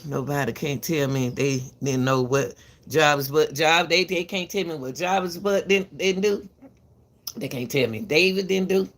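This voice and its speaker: A woman whose voice sits low talks at a moderate pace in casual commentary to the camera. As a commentary channel host she is emphatic and repetitive, lectures parents, calls viewers "baby," and often stumbles and restarts.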